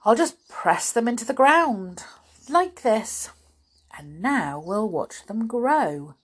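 A woman's voice: fairly high pitch, very animated, takes it slowly, husky, pitched above the performer's own voice, full character voice. A woman doing hearty, gushing young Jack. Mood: cheerful. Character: cheerful hearty young man from a fairy tale.

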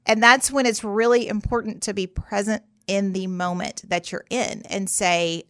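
Woman therapist podcast host, chatty, does little client voices, mid pitch, dry close sound. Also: steady tone, normal speed, few pauses, a bit bright, dry recording. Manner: conversational, acts out client voices. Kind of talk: podcast explainer monologue.

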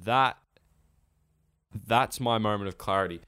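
A man's voice: lowish voice, measured pace, bright, forceful tone, smooth, no room sound, clean studio sound. A young man, co-hosting a podcast in casual, rambling chat, swearing freely. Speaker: podcast co-host.

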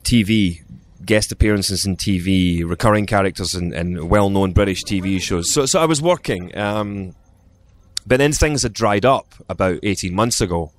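Deep-voiced Scottish man telling stories. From Scotland. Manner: rambling, with frequent restarts and acted-out quotes. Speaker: actor guest. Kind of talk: casual interview storytelling.

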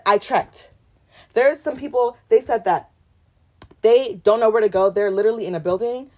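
A young woman co-hosting a podcast, talking in a heated, indignant and animated way in casual chat. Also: mid-range voice, breathy edge. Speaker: podcast co-host.

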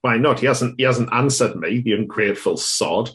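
Wry guy player, joking asides, mid pitch. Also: moderate pace, fairly bright tone. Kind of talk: casual tabletop game chat.

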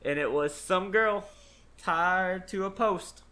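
A man's voice: sits high, slow, bright, forceful tone. A young man, a podcast co-host, telling a rambling story in casual chat and swearing freely.

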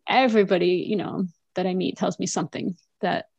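A woman's voice: on the low side, steady tone, fairly quick, darkish tone, no room sound, lo-fi sound. A woman in her thirties, a French teacher and mother, chatting animatedly as a podcast guest with many fillers. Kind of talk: casual conversational interview.

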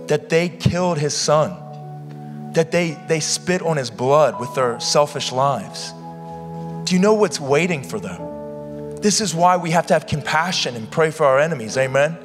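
Male preacher, slightly high voice, impassioned, questions the crowd, echoey church hall, soft guitar behind. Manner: impassioned, questions the congregation directly. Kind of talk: sermon. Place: church hall with live congregation.

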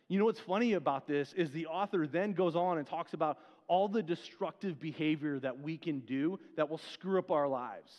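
An earnest male pastor with a slightly high voice preaches in a relaxed, chatty way, dropping in casual fillers. His voice rings through a church hall with a long echo, and the recording sounds dull and muffled. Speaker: outreach pastor. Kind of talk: conversational sermon.

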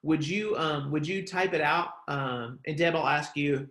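With a slightly high, fairly bright voice, this pastor takes his time as he preaches a relaxed online sermon. He talks conversationally, leaning heavily on fillers like "like" and "um," and the audio is reverberant.

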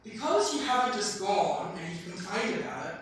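A preacher voicing a female leader who answers in a flat, unimpressed way. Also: mid-range voice, normal speed, a little hiss or hum, close to an everyday voice. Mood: weary. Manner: flat, eye-rolling. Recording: very echoey hall, from far off.

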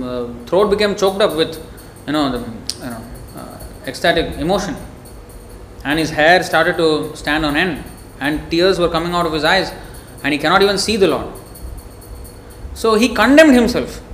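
Man in his own voice preaching a sermon, forceful and scolding in tone, recorded in a reverberant room with light background noise. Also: fairly high pitch. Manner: emphatic, scolding, storytelling. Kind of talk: devotional sermon.

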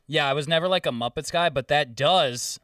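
Bright-voiced young man, joking and profane. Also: a little high, a little fast, smooth, no echo, studio quality, distant mic. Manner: joking, profane, animated storytelling. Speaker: podcast co-host. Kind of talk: casual chat.

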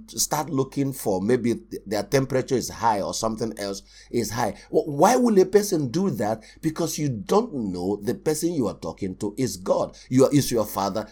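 Emphatic pastor preaching. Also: male voice, mid-range voice, a little mellow, husky. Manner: emphatic, rhetorical questions, slow stressed scripture reading. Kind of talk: sermon.

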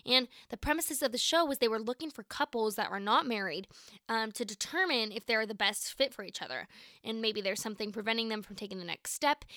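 A nineteen-year-old woman hosting her own podcast, telling a personal story in a chatty, animated way, full of "like" and acted-out quotes. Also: fairly high pitch, no echo, studio quality. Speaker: podcast host. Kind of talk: casual storytelling.

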